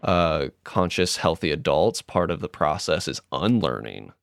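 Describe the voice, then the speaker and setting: Low voiced podcast host guy, calm and reflective, lots of um and you know, dry sound. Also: creaky, smooth, no echo. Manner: calm, unhurried and reflective, with many fillers. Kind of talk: reflective casual podcast chat.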